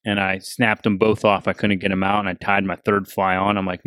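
A man's voice: deep voice, fairly quick, hardly any pauses, dry recording, studio quality. A man hosting a casual podcast, telling a fishing story with lots of laughs. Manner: laughing storyteller, animated retelling. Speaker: podcast host. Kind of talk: casual chat.

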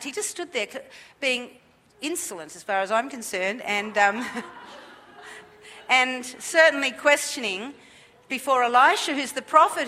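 A woman's voice: high voice, bright, forceful tone, long reverb tail. A woman preaching a sermon at a church service, emphatic and repetitive, with many rhetorical questions.

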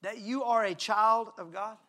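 A male pastor preaching a sermon. He swings from hushed, intimate lines to loud, shouted emphasis. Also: sits high, fairly even intonation, a little slow.

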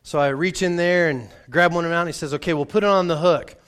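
Pastor guy preaching casually, voice a bit on the high side, keeps doubling up words. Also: fast talker, a bit bright, clean tone. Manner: conversational, often repeats words as he restarts. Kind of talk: sermon with a personal story.

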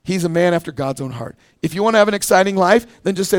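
A middle-aged man delivers a sermon from a church pulpit, his voice pitched high for a man. He talks in an animated, conversational way and slips into quick voices to act out the people in his stories. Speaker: pastor.

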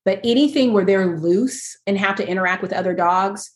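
A woman's voice: medium pitch, moderate pace, roomy sound. A woman chatting casually as a guest, self-deprecating and laughing often as she talks. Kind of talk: casual chat.

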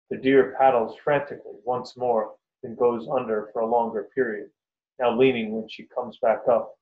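Man reading a story, muffled roomy sound. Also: mid-range voice. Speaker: narrator. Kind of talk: first-person story reading. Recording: dull roomy recording.

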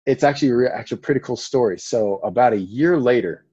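Man, low voice, husky, dark, earnest rambling storyteller, dry lo-fi recording. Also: fast, dry recording. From Colorado, US. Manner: earnest, rambling, many fillers. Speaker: firefighter and paramedic guest. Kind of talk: casual interview storytelling. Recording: dull lo-fi dry audio.

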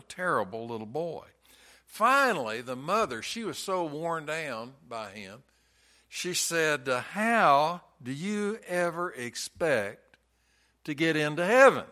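Slow bright-voiced folksy preacher man. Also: medium pitch. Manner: folksy storytelling preacher with emphatic repetition. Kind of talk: sermon.

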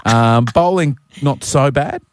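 A man's voice: medium pitch, animated, takes it slowly, slight background noise. A man with an Australian accent co-hosting a radio show, telling rambling, self-deprecating stories in casual banter. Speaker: radio host. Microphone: studio microphone.

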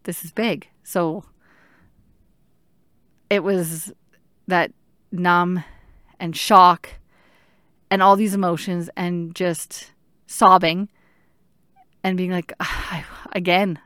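A woman in her thirties telling her own story in an earnest, halting way, stopping to search for words. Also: on the low side, level tone, a bit bright, smooth, no echo, clean studio sound. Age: 30s. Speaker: patient sharing her story. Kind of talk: personal storytelling.

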